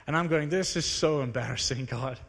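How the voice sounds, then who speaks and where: A man preaching to a live audience, telling a story in an animated, conversational, self-mocking way. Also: medium pitch, a little fast, vocal fry. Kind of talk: sermon storytelling. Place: large hall with live audience. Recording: long reverb of a large hall.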